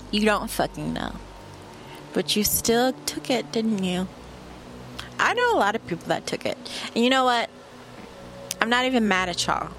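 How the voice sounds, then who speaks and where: A woman's voice: mid-range voice, fairly bright tone, a little hiss or hum. A woman hosting her own podcast, ranting in a brash, profane, rambling way, straight to the listener. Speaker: podcast host. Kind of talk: casual solo podcast rant.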